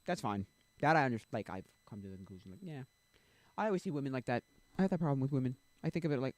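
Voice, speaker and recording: A male streamer chats casually on a livestream from his home setup, rambling through restarts and asides in blunt, loose language. His pitch swings lively up and down, and he talks very fast. The recording is low quality, with no room sound.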